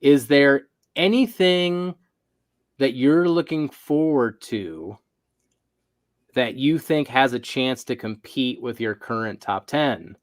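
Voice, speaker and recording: A man hosting a casual live chat, asking questions and musing aloud. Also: mid-range voice. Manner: conversational, asks guests questions. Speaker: host.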